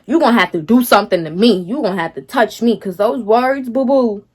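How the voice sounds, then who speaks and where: A woman's voice: fairly high pitch, brisk, a little mellow, breathy edge. A young woman telling a personal story to her viewers in a sassy, slangy, dismissive way, often checking in with "feel me?". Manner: slangy, talks straight to viewers, keeps asking "feel me?". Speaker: storytime vlogger.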